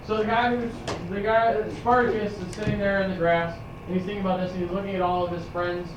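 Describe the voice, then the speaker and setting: Recorded from a distance by a camera in an echoey classroom, a man lectures his history students, restarting often as he tells a story. His voice is high and level in tone, he talks fast, and the background is noisy.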